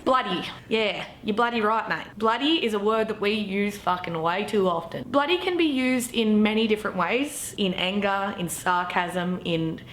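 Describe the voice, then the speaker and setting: A woman's voice: medium pitch, normal speed, hardly any pauses, fairly bright tone. A young Australian woman explaining slang in a brash, crude, swearing vlog style. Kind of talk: casual comedic vlog. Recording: echoey room with faint noise.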